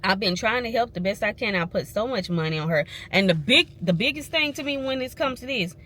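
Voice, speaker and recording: A woman's voice: mid-range voice, animated, a little fast, pushed and bright. A woman, talking candidly and emphatically to viewers from her parked car. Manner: candid venting, frank and emphatic. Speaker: vlogger. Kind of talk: casual vlog chat.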